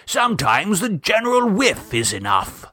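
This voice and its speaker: A chatty, pompous older English gentleman, as a male narrator puts him on, told in an audiobook. The voice sits a little higher than the reader's own and bounces up and down a great deal. The recording is close and dry. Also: huge pitch swings, moderate pace, slightly rough, no room sound, heavily acted. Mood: genial gossip. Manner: pompous, old-fashioned turns of phrase.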